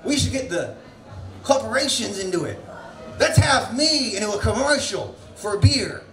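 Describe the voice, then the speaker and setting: Very high-voiced shouty male comic. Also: very animated, normal speed. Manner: loud, shouty, crude punchlines. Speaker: comedian. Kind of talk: stand-up set at an open mic. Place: comedy venue stage. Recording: roomy echo of a small venue.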